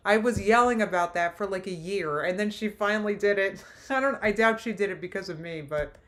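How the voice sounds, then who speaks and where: Woman, live reaction streamer, exasperated, mocking, laughing asides, middle pitch. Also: brisk, fairly bright tone. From New Jersey.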